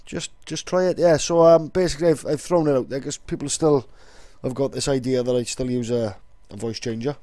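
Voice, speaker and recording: A young man talks in a loose, rambling way and swears offhandedly. His voice sits at a middling pitch. The sound is close and dry. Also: fairly even intonation, a little fast, few pauses, dark tone, no room sound. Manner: rambling, laid-back, swears casually. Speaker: vlogger. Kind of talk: casual vlog talk.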